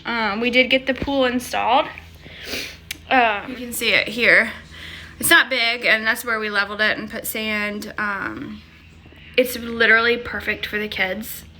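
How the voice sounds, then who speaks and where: A chatty young woman from Georgia vlogs from her home, filling her talk with "um" and "like." Her voice is bright and a little high. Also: steady tone, measured pace, slight background noise. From Georgia, United States. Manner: chatty, many fillers and "like". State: out of breath. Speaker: vlogger. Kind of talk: casual chat.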